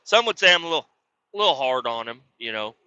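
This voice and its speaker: A man's voice: mid-range voice, very animated, fairly quick, bright, forceful tone, clean tone, no room sound, lo-fi sound. A man hosting a podcast, telling a rambling, profane story in a casual monologue and jumping into quoted voices of the people in it. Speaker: podcast host.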